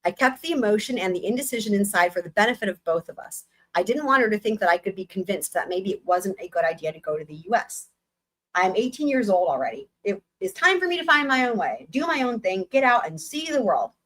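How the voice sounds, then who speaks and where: A woman's voice: medium pitch, big pitch swings, fast talker, a bit bright. A woman in her thirties hosting a live stream, reading a book aloud with chatty, sarcastic asides. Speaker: livestream host and reader.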